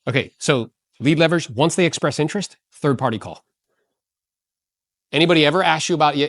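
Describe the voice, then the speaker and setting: A man's voice: fairly high pitch, a little fast, long pauses, dry recording, clean studio sound. A man coaching agents in a blunt, slangy way, acting out callers' lines and quizzing his listeners. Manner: animated, acts out voices of callers, quizzes listeners. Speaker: real estate coach.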